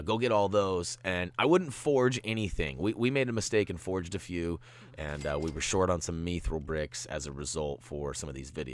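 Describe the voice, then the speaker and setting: A man's voice: low-pitched, dry recording. A man hosting a video game walkthrough, giving tips in a playful, jokey way with goofy asides. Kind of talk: gameplay commentary.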